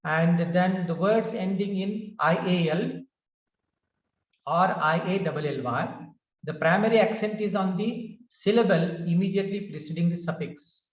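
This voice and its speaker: A man giving a pronunciation lecture, slowly saying each example word and repeating it for his learners. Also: high voice, reverberant, distant mic, muffled recording. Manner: slow, repeats words for learners. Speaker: teacher.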